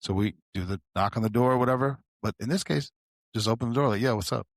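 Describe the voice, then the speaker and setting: In a clean, dry studio recording, a fast-talking man with a mid-range voice shares a story from his job. He's a sheriff's deputy co-hosting a podcast, animated and swearing, with frequent "bro"s aimed at the listener, all in a casual tone.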